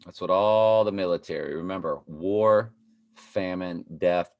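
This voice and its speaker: A man hosting a commentary video, rambling and halting as he talks to his viewers. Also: low-pitched, highs cut off. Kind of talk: casual commentary over clips.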